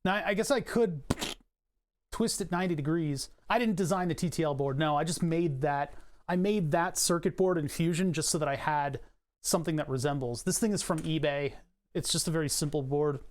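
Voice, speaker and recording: A man's voice: a little high, brisk. Rambling, joking male streamer. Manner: rambling, joking asides to chat, self-mocking. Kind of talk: casual livestream chat while designing.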